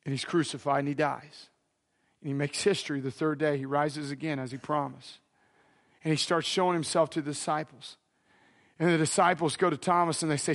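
A man's voice: a little high, steady tone, brisk. A man preaching a sermon, dramatic and casual, acting out the voices in a Bible story. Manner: casual slangy phrasing.

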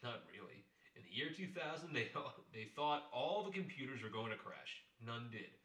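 A man reading the part of an easygoing thirties husband and art teacher, relaxed and joking in his manner. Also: medium pitch, normal speed, echoey room, distant mic, rough recording. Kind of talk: amateur play reading.

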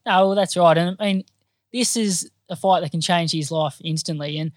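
A man's voice: high-pitched, no room sound. Earnest Australian man, dry close sound. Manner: earnest, modest, halting restarts. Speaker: professional boxer. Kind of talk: casual interview chat.

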